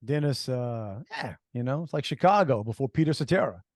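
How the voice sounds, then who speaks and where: A middle-aged man co-hosting a casual talk show, animated and jumping between topics. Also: mid-range voice, a little fast, no echo, studio quality. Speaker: co-host. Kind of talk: casual chat.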